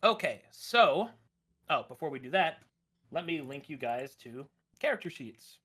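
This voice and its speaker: Guy game master explaining rules, bright sharp voice, a bit high, upbeat and brisk. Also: very animated, slightly rough.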